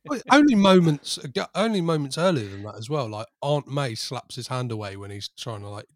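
A man on a film podcast, retelling scenes in an animated way and laughing mid-sentence. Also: mid-range voice, fairly quick. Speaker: podcast panelist. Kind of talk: casual film chat.

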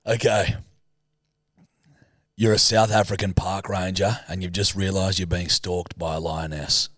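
A man's voice: low-pitched, flat delivery, a little slow, fairly bright tone, no room sound, clean studio sound. A young man co-hosting a casual comedy podcast, teasing playfully and laughing at his own jokes. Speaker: co-host.

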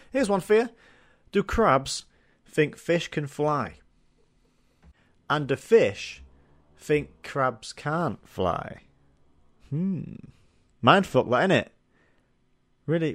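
Sweary man rambling daft jokes. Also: medium pitch. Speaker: podcast host. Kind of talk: casual solo comedy rambling.

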